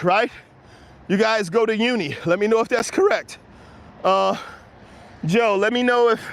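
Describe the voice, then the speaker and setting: A man's voice: high-pitched, fairly bright tone. A man hosting a casual livestream, chatting loosely with his viewers and laughing often as he rambles. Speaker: livestream host reading chat.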